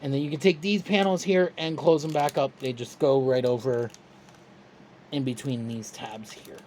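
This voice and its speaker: A toy reviewer walks through a build step by step, easygoing and chatty and quick to poke fun at themselves. The voice sits at a middle pitch, with a faint hiss of noise behind it. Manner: relaxed, chatty and self-deprecating. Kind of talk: casual step-by-step tutorial.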